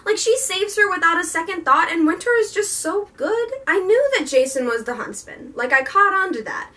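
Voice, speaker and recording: A woman's voice: very high voice, lively intonation, moderate pace, bright, forceful tone, far from the mic. A young woman vlogging a casual, gushing and emotional book review.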